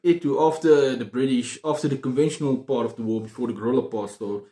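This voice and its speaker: Man, casual book vlog, excitable, repeats himself, mid pitch, echoey room. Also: a little fast. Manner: excitable, repeats words and phrases. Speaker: book vlogger. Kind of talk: casual book review chat. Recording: roomy echo.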